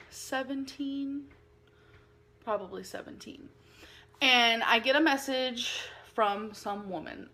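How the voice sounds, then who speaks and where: A woman's voice: sits high, bright, forceful tone. A woman rambling through a personal story in a vlog, filling her talk with many likes and ums. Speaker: vlogger.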